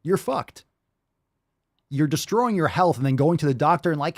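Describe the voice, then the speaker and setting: A man's voice: on the high side, animated, normal speed, long pauses, no room sound, clean studio sound. A man hosting a livestream podcast, reacting to clips with a profane, exasperated rant. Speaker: podcast host.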